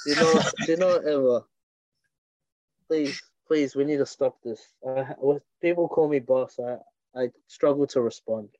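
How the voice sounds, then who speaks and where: A man's voice: mid-range voice, unhurried, a little mellow, no echo, muffled recording. A man, co-hosting a podcast in a laid-back, joking way. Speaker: podcast co-host. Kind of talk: casual chat.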